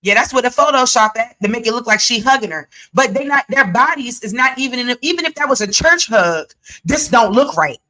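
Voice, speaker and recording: A woman hosting a reaction commentary, talking to her viewers in a sassy, animated way. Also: a little high, fairly quick, rough recording. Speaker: commentary channel host.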